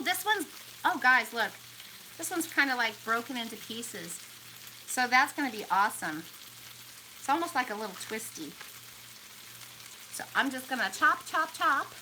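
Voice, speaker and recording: A woman with a drawl talks her viewers through a home cooking demo in a bright, chatty way. Her voice sits a little high. Frying food sizzles clearly in the kitchen behind her. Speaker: cooking vlog host. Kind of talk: casual cooking demonstration. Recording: noisy kitchen with sizzling pan.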